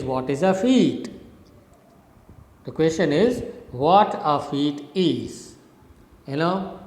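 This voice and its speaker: A middle-aged man with an Indian English accent, teaching English literature in a recorded lecture, explaining carefully and checking with "okay?". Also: a little high. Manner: explanatory, repeats points, frequent "okay?". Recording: roomy echo with long reverb.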